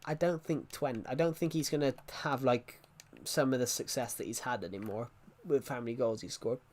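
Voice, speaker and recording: A young man livestreams gaming in a mid-range, slightly mellow voice at a moderate pace, with a little hiss or hum in the audio. He rambles casually, voices opinions, and responds to comments from his viewers.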